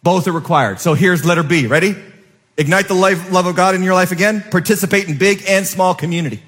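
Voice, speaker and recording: A man preaching in a church sanctuary, his voice sitting a little high for a man. He swings from loud, emphatic peaks down to soft, low asides and keeps asking his congregation questions. A long hall reverb trails every line. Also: fairly quick. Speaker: pastor. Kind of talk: sermon.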